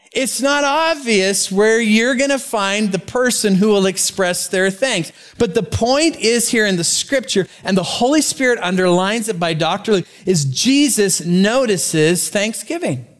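A middle-aged man preaching a sermon as pastor, conversational and joking, often stumbling over repeated words. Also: sits high. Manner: conversational, stammers on repeated words, jokes with the congregation.

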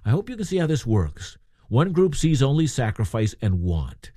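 A man's voice: medium pitch, sing-song, moderate pace, dark tone, no echo, clean studio sound. A man preaching a sermon in a conversational way, asking his listeners questions.

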